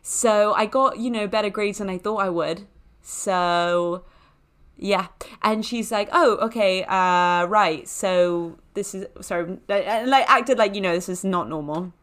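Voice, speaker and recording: A woman's voice: mid-range voice, unhurried, a bit bright. Young woman, podcast host, chatty storyteller, heavy on "like" fillers, jokes at her own expense. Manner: rambling, filler-heavy with lots of "like", self-mocking jokes. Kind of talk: casual anecdotal storytelling.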